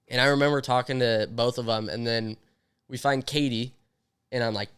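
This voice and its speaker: A young podcast co-host tells a story during casual chat, animatedly acting out his own quotes. His voice is medium-pitched with a clean tone, at normal speed.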